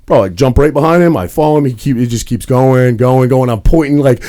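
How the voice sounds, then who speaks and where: Young man, podcast co-host, rapid profane storytelling, dark low-key tone. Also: lively intonation. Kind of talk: casual chat.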